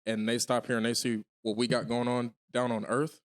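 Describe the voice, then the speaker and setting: A man co-hosting a podcast in casual chat, reasoning things through in a measured way and conceding points. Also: mid-range voice, level tone. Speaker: podcast co-host.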